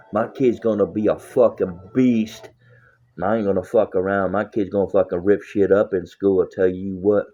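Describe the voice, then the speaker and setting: A very deep-voiced man talks loosely on a livestream, rambling and cursing freely between laughs. The audio is dull and lo-fi. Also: warm tone. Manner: profane, rambling, laughs often. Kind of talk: casual livestream chat.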